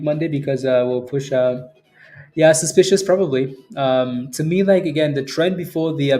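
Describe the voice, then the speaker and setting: A man hosting a day-trading livestream reads viewer comments and chats casually with them between market remarks. He is relaxed, with frequent fillers and chuckles, in a mid-range voice.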